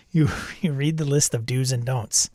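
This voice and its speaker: A man's voice: mid-range voice, mellow, dry recording, studio quality. A man hosting, reading a text adventure aloud and reacting, wry and self-amused, chuckling at the game. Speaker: host.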